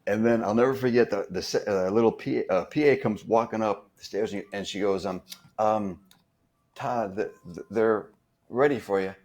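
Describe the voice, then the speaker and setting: A man's voice: lowish voice, normal speed, darkish tone. A man telling stories from a film set in a casual interview, rambling with many fillers and restarts. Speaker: guest, stunt performer.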